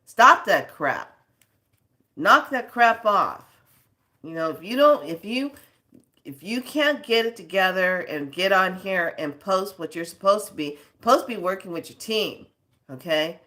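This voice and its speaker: A woman's voice: fairly low pitch, expressive, moderate pace, fairly bright tone. A woman hosting a spiritual video channel, scolding her viewers in casual talk, rambling off on tangents and laughing between stories.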